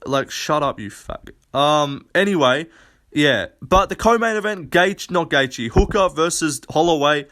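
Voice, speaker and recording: A man's voice: fairly high pitch, lively intonation, measured pace, a bit bright. Blunt, profane young man ranting casually. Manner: blunt, profane, rambling with frequent fillers. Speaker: MMA commentator. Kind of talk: casual solo prediction rant.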